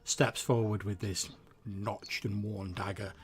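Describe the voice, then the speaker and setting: A man narrating a tabletop role-playing game as game master, describing the scene in a measured way. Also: on the low side, level tone, slight background noise.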